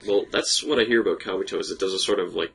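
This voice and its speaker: Gravelly young man chatting casually. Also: low-pitched, rapid-fire, fairly bright tone. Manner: laughs often, swears casually. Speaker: podcast co-host. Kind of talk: casual chat.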